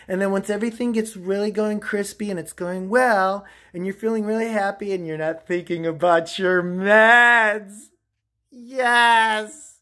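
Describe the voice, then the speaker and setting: A man hosting an improvised comedy cooking skit as a homeless cook, rambling, interrupting himself and swearing. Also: sits high. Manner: rambling, self-interrupting, profane.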